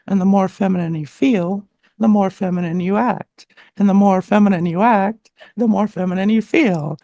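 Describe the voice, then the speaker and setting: A woman's voice: medium pitch, dark tone, dry recording. Rambling woman host, dry sound. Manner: rambling with many fillers. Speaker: stream host. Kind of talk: casual chat.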